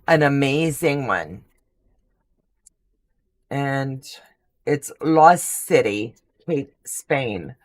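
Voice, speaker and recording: Low, slow-talking woman hosting a live stream. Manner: effusive and gushing, readily emotional. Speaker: host of a live sewing stream. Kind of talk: casual livestream chat, reading out viewer comments.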